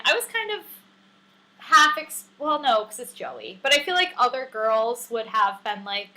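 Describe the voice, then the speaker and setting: Woman co-host, high, bright voice that bounces around a lot; chatty, filler-heavy recap talk. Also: measured pace, poor audio. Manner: chatty, animated, many fillers and laughs. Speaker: podcast co-host. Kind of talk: casual recap chat.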